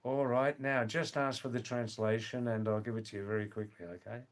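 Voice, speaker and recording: Man, livestream host, friendly and chatty, mid-pitched voice, reads out viewer comments. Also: fairly even intonation, brisk. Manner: chatty, friendly, greets viewers by name, laughs often. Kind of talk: casual livestream chat, reading comments. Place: indoors, during a power cut.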